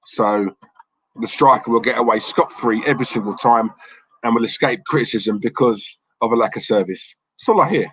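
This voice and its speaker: A man's voice: medium pitch, brisk, a bit bright, husky, poor audio. A young man with a London accent hosting a football watchalong stream, chatting casually and rambling while reading out chat messages. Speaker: watchalong host.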